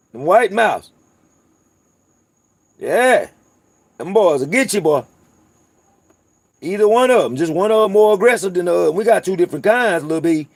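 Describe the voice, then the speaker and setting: A man with a high-pitched, gravelly, darkish voice chats with viewers in a dry recording. He's a Southern-accented North Carolinian hosting his channel's casual livestream, swearing and meandering through stories.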